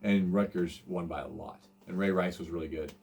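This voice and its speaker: A man's voice: deep voice, steady tone, fairly quick, darkish tone. A man in his forties hosting a casual podcast, telling a rambling, self-deprecating story full of fillers and restarts. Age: 40s. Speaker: podcast host.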